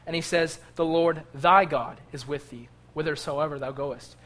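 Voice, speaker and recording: A man's voice: fairly high pitch, normal speed, fairly bright tone. A man preaching a sermon with fervor, reading scripture aloud and rising to impassioned cries.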